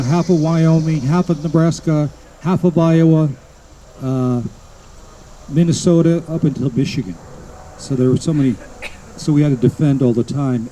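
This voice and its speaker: Dark-voiced man lecturing a crowd. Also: fairly high pitch, slight background noise, poor audio. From United States. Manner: storytelling, lists names slowly, with asides. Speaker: guest speaker at a history event. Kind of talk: public lecture to an audience. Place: outdoor living history event.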